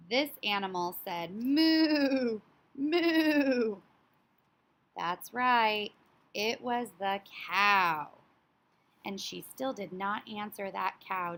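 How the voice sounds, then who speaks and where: Slow, bright-voiced woman teaching young children. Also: mid-range voice. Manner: slow, animated, child-directed, imitates animal sounds. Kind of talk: story sequencing lesson for young children.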